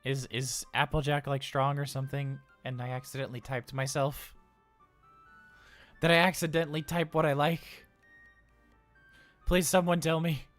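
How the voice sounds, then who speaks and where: A man's voice: a little high, little pitch movement, normal speed, long pauses, fairly bright tone, faint music behind, close to an everyday voice. A man voicing an anxious, cheerful male robot daycare attendant on a live role-play stream, chatty and flustered, rambling with stammers. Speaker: livestream role-player.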